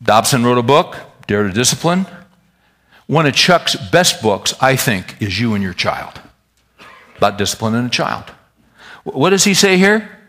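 A man preaching a sermon in a folksy, animated way, talking straight to his congregation. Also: mid-range voice, moderate pace, long pauses. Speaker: pastor.

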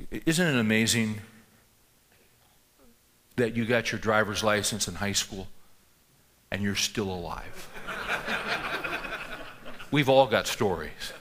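A middle-aged pastor with a lowish, slightly bright voice delivers a sermon. He shares a personal story conversationally and poses questions to the congregation.

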